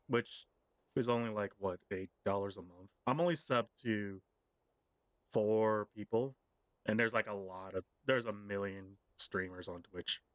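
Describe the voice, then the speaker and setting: A male streamer chats casually into a close mic in a low voice, rambling between thoughts with frequent laughs and fillers. The sound is dry and free of any room echo. It is relaxed live-stream talk.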